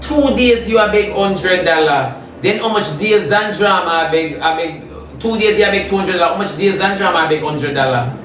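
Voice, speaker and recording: A man's voice: sits high, normal speed, a bit bright, distant mic, slight background noise. A man with a Jamaican accent in a heated rant, combative and taunting, repeating his jabs over and over. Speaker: social media personality. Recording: roomy and off-mic.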